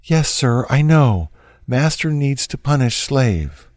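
A man's voice: medium pitch, very animated, slow pace, darkish tone, dry recording, clean studio sound, pitched above the performer's own voice. A man voicing a frightened, submissive young woman with a timid, pleading, apologetic manner, in a read-aloud true crime story.

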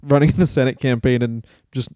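A tired man co-hosting a podcast in a loose, rambling way, swearing freely and breaking into laughs. His voice is mellow and smooth. The sound is dry and close. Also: medium pitch, steady tone, brisk, no room sound. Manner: profane, rambling, laughs often. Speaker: podcast co-host. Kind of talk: casual comedic chat.

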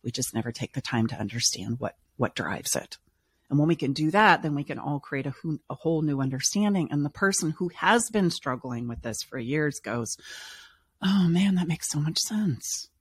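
A woman's voice: extremely low pitch, lively intonation, brisk, slightly rough, no room sound. A woman relationship coach hosting a podcast conversation, talking earnestly and with emphasis. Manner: earnest, emphatic, acts out clients' voices. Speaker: relationship coach and show host.

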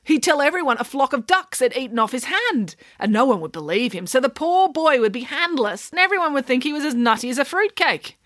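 A woman's voice: high voice, big pitch swings, a little fast, hardly any pauses, fairly bright tone, no echo, voice pushed up. A woman voicing a playful, imaginative mother telling a tall tale, in a matter-of-fact, mock-serious manner. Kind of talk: storybook reading.

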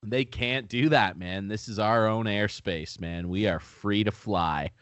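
A man's voice: fairly low pitch, a little slow, a bit bright, clear, resonant tone, no room sound. A young man co-hosting a casual podcast, rambling, swearing freely and poking fun at himself. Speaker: podcast co-host.

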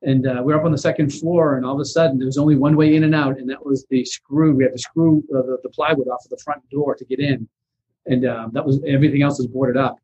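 Husky male investor guest, animated storyteller, raised pitch, dull lo-fi sound. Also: fast talker. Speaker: real estate investor guest. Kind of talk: casual storytelling interview.

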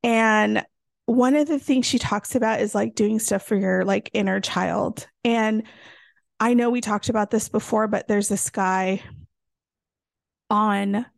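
In a clean studio recording with no room sound, a woman with a mid-range, creaky voice speaks unhurriedly. She's a podcast co-host in casual chat, telling lively stories full of fillers.

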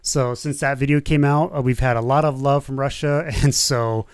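A man co-hosting a podcast, relaxed and agreeable, chatting casually. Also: mid-range voice, normal speed, clean tone, no echo, clean studio sound. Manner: relaxed, agreeable, lots of backchannel. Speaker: podcast co-host.

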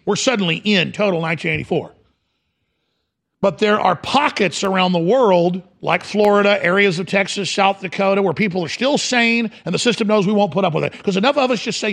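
A male talk radio host delivering a heated, rapid-fire rant, breaking into quick impressions. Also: sits high, gravelly, fairly bright tone.

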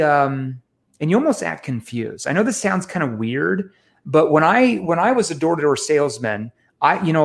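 A man as an interview guest, telling lively, self-mocking sales stories with frequent restarts. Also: on the high side. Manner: animated, self-mocking anecdotes with many restarts. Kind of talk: storytelling in a casual interview.

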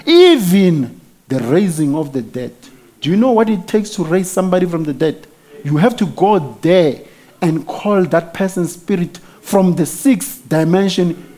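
Male preacher with a high voice delivering an emphatic sermon, with hallelujahs and amens throughout. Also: dark tone. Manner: emphatic, frequent hallelujahs and amens, rising to exclamations.

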